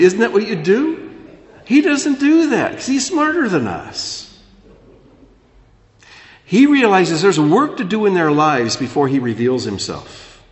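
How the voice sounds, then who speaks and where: A man preaching a sermon as pastor, dropping low and soft, then rising loud and animated. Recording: echoey hall.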